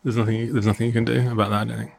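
A man's voice: medium pitch, level tone, racing, vocal fry, darkish tone. Giggly rambling man in a podcast booth. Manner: rambling, giggly, self-mocking. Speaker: podcast host. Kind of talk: casual chat. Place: sound-treated podcast booth.

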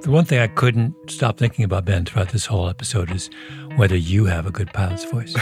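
A man chatting on a podcast, animated and often laughing, with frequent volume shifts. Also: low voice, a little fast, music in the background. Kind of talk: casual conversational podcast.

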